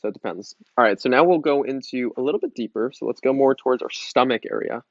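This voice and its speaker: A man's voice: medium pitch, fast, no echo, dull audio. Laid-back man leading a breathing lesson. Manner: relaxed and chatty, jokes around, restarts often. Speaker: yoga teacher. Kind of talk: casual guided breathing lesson.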